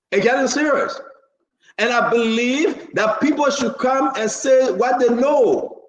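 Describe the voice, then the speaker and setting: A man hosting a live political talk show, rambling and repetitive, now and then bursting into shouts. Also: very high-pitched, roomy sound, low-quality recording.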